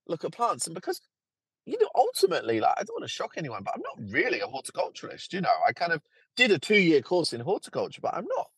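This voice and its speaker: Man, podcast guest, husky voice, very animated pitch, chatty, dry close recording. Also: quick pace, no room sound. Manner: lively, chatty, laughs easily. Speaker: podcast guest, plant marketer and author. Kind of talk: casual conversation.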